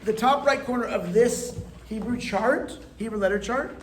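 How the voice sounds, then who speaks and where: In an echoey room with faint background noise, a male rabbi whose voice sits high speaks at a moderate pace. He leads a live lesson in a chatty, playful manner, nudging his students to respond.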